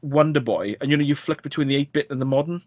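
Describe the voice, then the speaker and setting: A man co-hosting a podcast, chatting casually about games in a rambling, animated way full of fillers and restarts. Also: a little high, fast, no echo, muffled recording. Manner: rambling, many fillers and self-corrections, animated. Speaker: podcast co-host.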